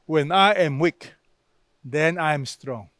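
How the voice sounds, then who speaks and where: A man's voice: a little high, takes it slowly, fairly bright tone, no room sound, studio quality. A man preaching a sermon, stressing key words by repeating them.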